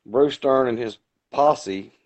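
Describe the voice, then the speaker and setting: A man's voice: mid-range voice, slow, darkish tone, soft background music. A man co-hosting a casual podcast, telling long rambling stories with colloquial grammar. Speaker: podcast co-host. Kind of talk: casual chat.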